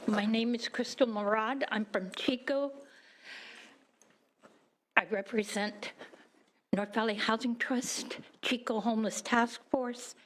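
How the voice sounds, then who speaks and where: A middle-aged woman with a healthcare background, giving measured, emphatic public testimony as a housing advocate. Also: on the high side, steady tone, a little hiss or hum. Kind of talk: brief public testimony at a hearing.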